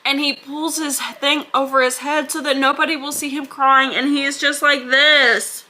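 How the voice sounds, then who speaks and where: A young woman vlogging at home into her phone camera, her voice bright and a touch high. She talks in a loose, rambling way and pokes fun at herself as she goes. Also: steady tone, moderate pace. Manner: chatty, rambling, self-deprecating. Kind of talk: casual vlog chat to camera. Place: at home indoors.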